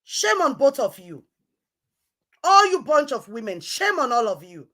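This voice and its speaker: A woman's voice: sits high, sing-song, a little slow, pushed and bright. A woman hosting an online show, scolding someone in a heated, repetitive rant. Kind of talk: heated live-stream rant.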